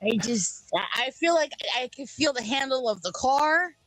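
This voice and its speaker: A woman's voice: high-pitched, animated, moderate pace, fairly bright tone, no room sound, faint music behind, poor audio. A young woman chatting casually on a panel show, playful and joking, swearing freely. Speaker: panel co-host. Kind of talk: casual chat.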